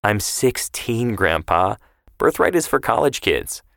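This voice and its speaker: A man's voice: fairly low pitch, big pitch swings, a little slow, gravelly, fairly bright tone, no echo, clean studio sound, pitched above the performer's own voice, exaggerated voice. A man reading the part of a polite, eager-to-please teenage girl who answers hesitantly. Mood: earnest.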